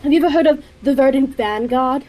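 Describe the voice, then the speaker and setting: A woman's voice: high voice, a little fast, warm tone, close to an everyday voice, rough recording. A woman voicing a brash, sarcastic bounty hunter woman who swears freely in a tabletop game. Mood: cocky.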